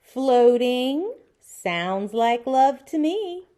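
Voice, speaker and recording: Lady doing a teasing bossy girl, singsongy and high. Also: sing-song, very slow, mellow, exaggerated voice. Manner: teasing, sing-song, bossy.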